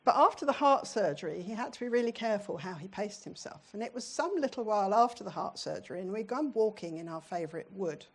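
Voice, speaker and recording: A woman's voice: mid-range voice, animated, fast, few pauses. A middle-aged British woman preaching a sermon in a church, in a conversational way, often putting questions to her congregation.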